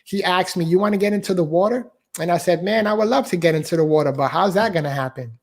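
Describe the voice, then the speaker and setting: A man's voice: high voice, quick pace. A man, a guest author and speaker, telling a personal story in a live online interview, heartfelt, repeating his phrases and often saying "man". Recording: live online talk show.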